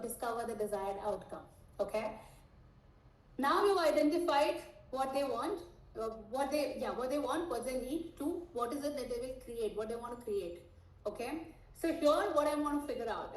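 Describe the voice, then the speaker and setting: Upbeat lady sales coach, kinda high voice, sounds far off from the mic in an echoey room. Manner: high-energy, animated explaining; checks in often with the audience. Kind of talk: live online sales training.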